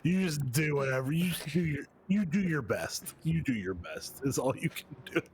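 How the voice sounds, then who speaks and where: A man commentating a sim race in a casual way, laughing and thinking out loud, with hiccups. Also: on the high side, moderate pace, background noise. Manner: relaxed, laughing, thinking aloud with restarts.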